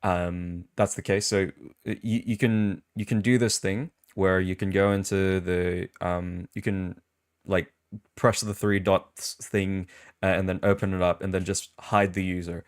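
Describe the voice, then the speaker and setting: A man's voice: low voice, flat delivery, unhurried. A male streamer hosting a casual live chat, rambling and reacting with amused disbelief as he reads comments aloud. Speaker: VTuber streamer and podcast host.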